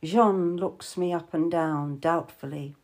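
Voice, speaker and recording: A woman narrating a story in the first person in a calm, measured way. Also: lowish voice. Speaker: audiobook narrator.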